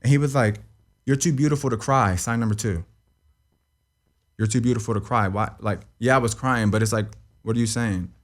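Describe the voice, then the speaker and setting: A little fast and medium in pitch, a young man's voice carries an emotional personal account as he tells an interviewer about something painful. He rambles, says things over again, swears, and keeps checking "you know what I mean."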